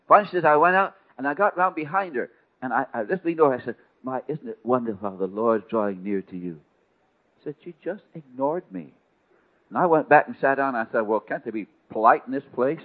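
A man preaching a sermon, telling a story with dramatic swings from hushed to loud. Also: mid-range voice, a little fast. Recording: tinny phone-like sound.

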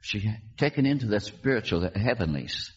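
Animated storytelling pastor, husky lo-fi. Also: male voice, fairly quick. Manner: dramatic, acts out quoted voices with big pitch swings. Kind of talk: sermon storytelling.

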